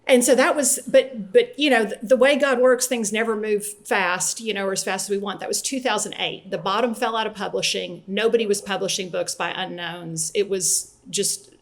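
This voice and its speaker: A woman's voice: medium pitch, steady tone, moderate pace, hardly any pauses. Candid woman in her fifties telling stories. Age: 50s. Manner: candid storytelling with frequent fillers. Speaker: guest author. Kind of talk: casual interview chat.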